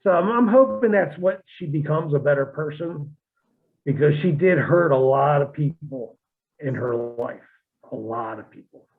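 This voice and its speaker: A former wrestler on a podcast, talking in a blunt, profane, rambling way with many restarts. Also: male voice, fairly high pitch, animated, moderate pace. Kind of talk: casual podcast chat. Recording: tinny phone-like line.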